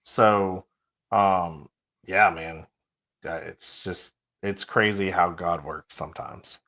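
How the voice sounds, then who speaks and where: Male podcast co-host, lowish voice, relaxed conversational chat. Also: slow. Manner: relaxed, conversational, with frequent fillers and clears his throat. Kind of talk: casual chat.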